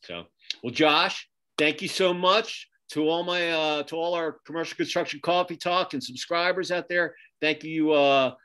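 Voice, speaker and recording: A man's voice: a little high, steady tone, moderate pace, pushed and bright, smooth. A middle-aged man hosting a podcast from his home office over a video call, rambling with many fillers and restarts. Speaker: podcast host and magazine publisher. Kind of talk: casual interview sign-off.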